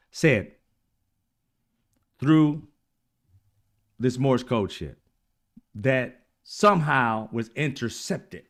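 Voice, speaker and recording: A man with a mid-range voice hosts his own channel, giving a casual, blunt monologue. He swears frequently and clears his throat over and over.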